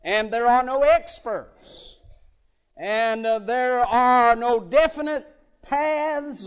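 A man preaching a sermon, telling a story and swelling from quiet, drawn-out words to loud emphatic peaks. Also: extremely high pitch, clear, resonant tone.

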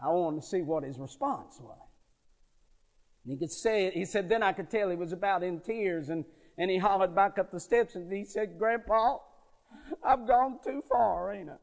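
A high-pitched man preaching. He stretches words out slowly, drops to near-quiet, then builds to ringing emphasis, in the rolling cadence of a revival sermon. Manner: dramatic swells from soft to loud, slow drawn-out words.

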